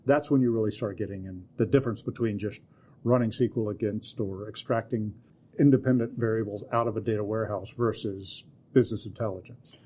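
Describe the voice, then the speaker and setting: Deadpan man explaining at length. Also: on the low side, fairly quick, breathy edge. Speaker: co-host and technology partner. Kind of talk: casual podcast chat.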